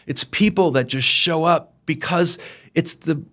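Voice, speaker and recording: A middle-aged man, a company founder, telling stories earnestly in an interview, animated, often restarting his sentences. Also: fairly high pitch, unhurried. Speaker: guest, roofing company founder. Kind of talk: conversational interview storytelling.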